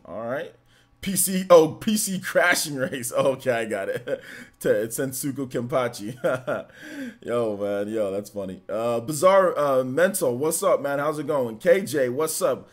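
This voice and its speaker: A man hosting a casual gaming livestream, upbeat and rambling as he greets chatters by name. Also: mid-range voice. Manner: loose and rambling, many fillers. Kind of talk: casual live-stream chat.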